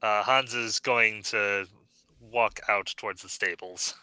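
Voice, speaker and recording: Guy doing in-character rpg talk, hushed and halting, kinda low voice. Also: fairly even intonation, smooth, dry recording. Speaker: player voicing a character. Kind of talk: in-character tabletop role-play.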